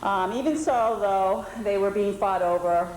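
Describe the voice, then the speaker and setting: A woman's voice: mid-range voice, a little slow, darkish tone. Woman presenter in a roomy hall. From New England, US. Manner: explanatory, conversational, with fillers. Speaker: presenter at a historical society meeting. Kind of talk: informal talk to an audience. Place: indoor lodge meeting hall. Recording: roomy hall recording with faint background noise.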